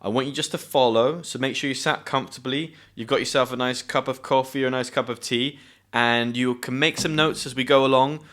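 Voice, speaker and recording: A British man teaching English, reading a story aloud and pausing to explain words clearly. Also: medium pitch, fairly even intonation, a bit bright. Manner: friendly, clear explanations with pauses to define words.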